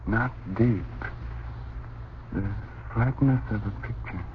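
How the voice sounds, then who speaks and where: An actor playing a frightened husband in an old radio drama, describing a ghostly scene in hushed tones. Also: male voice, mid-range voice, slow, lightly acted. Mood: awed. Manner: hushed, awed, tense narration of what he sees. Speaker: Chuck, a frightened onlooker. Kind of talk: 1930s radio drama acting. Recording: noisy muffled old radio recording.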